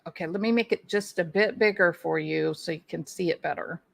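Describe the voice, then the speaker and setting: Brisk and creaky, with a fairly low pitch, this livestream host chats casually and responds to viewers' comments, working through her thoughts aloud with restarts and little laughs.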